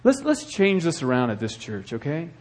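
A man preaching a sermon as the church's pastor, swinging between hushed, earnest talk and loud, fervent exhortation. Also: fairly high pitch, wildly swooping pitch, moderate pace.

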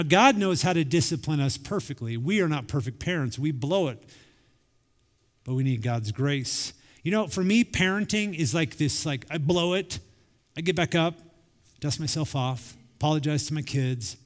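Male pastor preaching in a reverberant hall. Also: a little high. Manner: conversational preaching with acted quotes. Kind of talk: sermon.

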